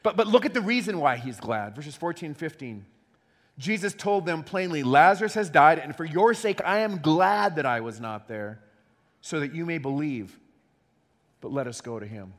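A man preaching a sermon in an animated way, repeating words as he acts out quotes. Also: fairly high pitch, normal speed. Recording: long hall reverb.

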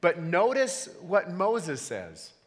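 A man's voice: high voice, huge pitch swings, slow pace. A man preaching a sermon to his church, earnest and emphatic, often putting questions to the congregation. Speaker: pastor. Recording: long hall reverb.

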